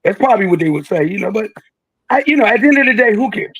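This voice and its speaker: A man in his sixties telling stories as a guest in a casual interview, animated and joking, acting out quotes with big jumps in his voice. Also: high-pitched, rapid-fire, slight background noise, low-quality recording. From Philadelphia. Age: 60s. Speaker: guest, veteran rapper.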